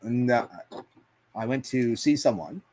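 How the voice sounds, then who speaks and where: A man's voice: medium pitch, a little slow, mellow. A man hosting a casual livestream, telling rambling stories full of swearing and fillers and answering viewer comments. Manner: profane, rambling storytelling with frequent fillers and laughs. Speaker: livestream host.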